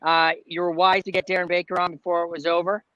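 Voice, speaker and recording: A man's voice: sits high, level tone, fast, a bit bright, no echo. A man chatting affectionately with friends over a video call. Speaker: friend calling in. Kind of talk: casual chat on a video call. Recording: dull lo-fi video-call audio.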